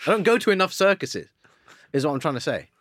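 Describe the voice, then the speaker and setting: A man in friendly podcast banter, with an animated, moving pitch. He drops dry one-liners and stumbles through restarts when explaining. The sound is dry and close to the mic. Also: quick pace, no room sound. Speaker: podcast co-host. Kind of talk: casual banter between friends.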